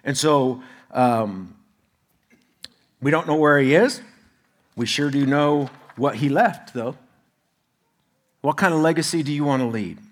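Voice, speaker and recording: A man's voice: mid-range voice, measured pace, long pauses. A male pastor preaching a sermon in a conversational way, with asides to the congregation.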